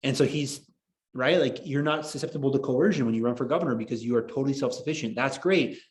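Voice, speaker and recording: A young man teaching a casual online history class, rambling and excitable, often laughing at his own jokes. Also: medium pitch, fast.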